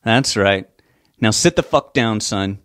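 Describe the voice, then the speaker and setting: A man puts on a swaggering, menacing father from a storybook reading. He taunts and mocks, loud and self-satisfied, in a low voice. The sound is dry and close. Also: slow pace, dry recording. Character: menacing drunk middle-aged father with a gun.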